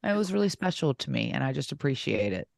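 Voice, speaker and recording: A woman's voice: rumbling low, very animated, fast, creaky, darkish tone, no echo, clean studio sound. A middle-aged woman co-hosting a casual podcast chat, talking earnestly and rambling with many fillers. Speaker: co-host and wrestling champion.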